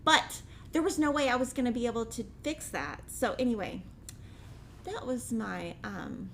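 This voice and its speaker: A woman's voice: on the high side, normal speed, gravelly, a little hiss or hum. A middle-aged woman hosting a craft show, chatting casually to viewers and acting out the voices in her story with animation. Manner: animated, acts out her own and others' lines. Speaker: host of a cross-stitch show.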